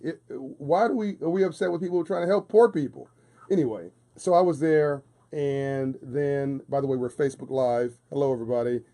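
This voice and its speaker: Emphatic man with a dark tone. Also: mid-range voice, normal speed. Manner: passionate, emphatic, repetitive preaching cadence. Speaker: radio guest, author. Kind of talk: casual radio interview talk. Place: radio studio.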